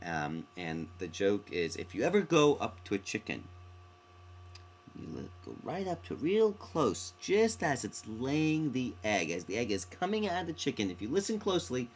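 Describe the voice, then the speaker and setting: A man's voice: medium pitch, very animated, normal speed, a little hiss or hum. A man teaching a recorded mini-lesson on poetic sounds, reading his examples with playful, theatrical flair.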